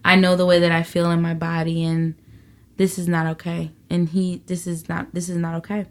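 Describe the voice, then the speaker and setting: Brief: low-pitched woman, comedian guest, animated and salty storyteller. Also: moderate pace. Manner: animated storyteller, profane, acts out quotes. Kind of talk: casual interview chat.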